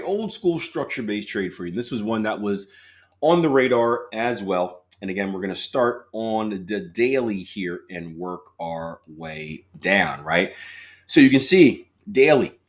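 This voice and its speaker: A man coaching viewers through a live trading walkthrough, chatty and casual, talking straight to his audience and asking for replies. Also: fairly low pitch.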